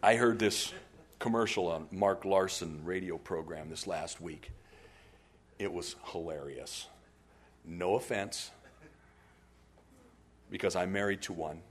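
A man preaching a sermon as a pastor, telling stories in an animated way and laughing often. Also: low-pitched, takes it slowly, long pauses.

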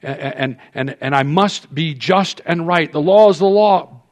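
A man voicing a stern but loving father who sits as judge, speaking in a solemn, measured way. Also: on the high side, voice pushed up, lightly acted. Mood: firm.

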